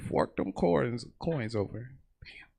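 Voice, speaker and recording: A man's voice: medium pitch, lively intonation, slow pace, gravelly, a little mellow. A man doing a profane stand-up comedy set on a theater stage, telling stories and briefly acting out other people's voices. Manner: profane, storytelling, acts out voices in bursts.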